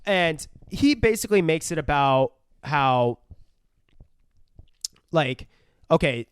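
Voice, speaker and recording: A man's voice: fairly high pitch, expressive, takes it slowly, clear, resonant tone, no echo. A man co-hosting a podcast, casually and profanely retelling movie scenes in a film review chat. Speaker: podcast co-host.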